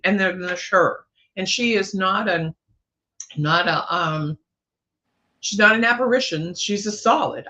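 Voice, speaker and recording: A woman with a mid-range, sharp-toned voice, heard through dull audio, appears as a guest psychic on a livestream. She tells a personal ghost story that meanders, full of fillers and restarts.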